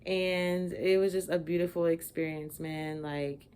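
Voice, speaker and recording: Young woman, low voice, casual chatty vlogger telling a story, lots of fillers. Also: fairly even intonation, unhurried, a little mellow, slight background noise.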